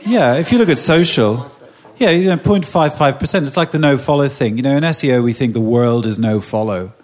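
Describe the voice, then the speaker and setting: A man from England speaking on a conference panel, animated and conversational, often restarting his sentences. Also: mid-range voice, a little fast. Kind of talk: panel discussion.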